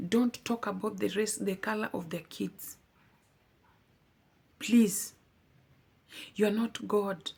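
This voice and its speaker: A woman's voice: medium pitch, steady tone, takes it slowly, vocal fry, long pauses, darkish tone, husky. A young adult woman vlogger giving a heartfelt personal testimony, earnest and pleading, repeating words for emphasis.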